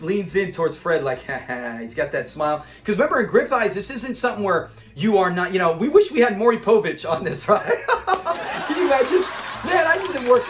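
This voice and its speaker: A man hosting a casual episode review, excitable, laughing often and acting out the characters' lines. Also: sits high. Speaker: episode reviewer, channel host. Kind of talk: casual video commentary.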